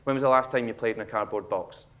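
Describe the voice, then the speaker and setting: A man in his thirties with a Scottish accent, giving a humorous motivational talk on stage and acting out a child's lines with animated storytelling. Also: mid-range voice, quick pace. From Scotland. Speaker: speaker. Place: auditorium stage.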